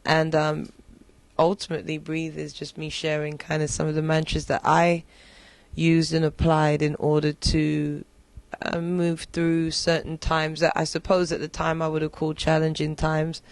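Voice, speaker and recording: A woman from London with a British accent, a singer and poet answering interview questions in a reflective, unhurried way with many pauses and restarts. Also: sits low, completely flat delivery, no room sound. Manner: reflective, hesitant with fillers and restarts. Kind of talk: relaxed interview conversation.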